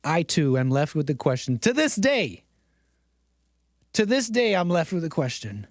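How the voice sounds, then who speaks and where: A man's voice: fairly high pitch, very animated, measured pace, pauses often, no echo, studio quality. A man hosting a live-streamed commentary show, talking in a theatrical, mock-dramatic way and repeating phrases for effect.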